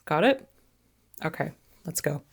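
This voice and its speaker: Low, gravelly American woman vlogger. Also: very animated, a little slow, no room sound, clean studio sound. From United States. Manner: playful, self-mocking. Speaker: vlogger host. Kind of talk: casual vlog narration. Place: outdoors by the sea.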